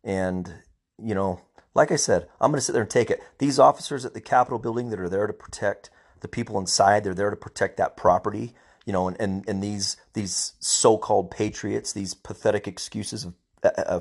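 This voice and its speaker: Angry husky-voiced police officer ranting. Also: male voice, fairly low pitch, steady tone, brisk. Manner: angry, emphatic, repeats himself. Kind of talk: personal podcast rant.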